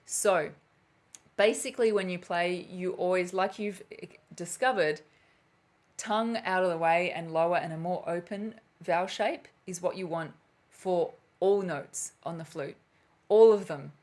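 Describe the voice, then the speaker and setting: A woman's voice: on the low side, unhurried. A woman hosting a live flute lesson and Q&A, chatty and self-deprecating, laughing at herself as she loses her thread. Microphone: camera mic on a live stream.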